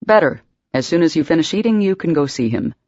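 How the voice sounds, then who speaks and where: A woman reading the lines of a gentle, caring male doctor in an audiobook. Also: low voice, big pitch swings, quick pace, no echo, muffled recording. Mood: tender.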